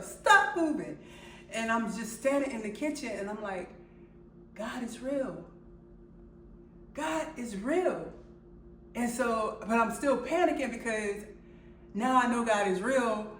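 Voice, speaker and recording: A young woman tells a personal story straight to her viewers, and she gets animated and loud as she relives moments of panic. She laughs at herself along the way. Her mid-range voice sits a little back from the mic, in a roomy, echoing space with a faint hum behind it. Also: mid-range voice. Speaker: vlogger. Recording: echoey room, a bit far from the mic.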